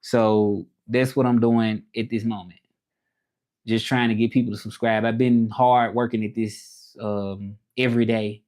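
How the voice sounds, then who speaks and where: A man's voice: on the low side, level tone, unhurried, darkish tone. Man rambling on a livestream. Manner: rambling, restarts, reads chat aloud. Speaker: livestream host. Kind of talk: casual livestream chat, reading comments. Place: home, livestreaming from Mexico.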